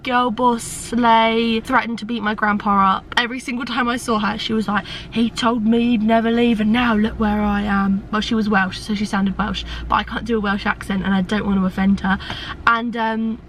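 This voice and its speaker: Young woman vlogger, high-pitched, sweary deadpan jokes, phone-recorded with background traffic noise. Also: poor audio. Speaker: vlogger and podcaster. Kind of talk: casual day-in-my-life vlog talk to camera. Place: in a car, then outdoors walking, then at home.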